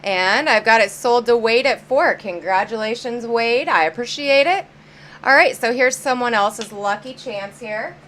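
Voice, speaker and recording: A woman's voice: a little high, measured pace, a bit bright, a little hiss or hum. Upbeat woman calling a live coin auction. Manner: upbeat, chatty, greets viewers by name.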